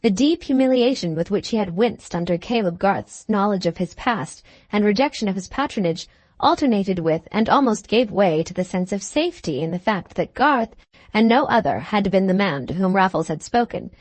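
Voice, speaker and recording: A woman's voice: medium pitch, expressive, moderate pace, darkish tone, dry recording. Woman narrating a classic novel. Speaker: audiobook narrator. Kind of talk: scripted narration.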